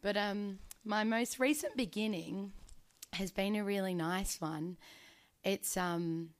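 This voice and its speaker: A woman's voice: mid-range voice, fairly even intonation, takes it slowly. A woman, telling an unscripted personal story at a story slam, rambling and casual with lots of ums and likes. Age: 20s.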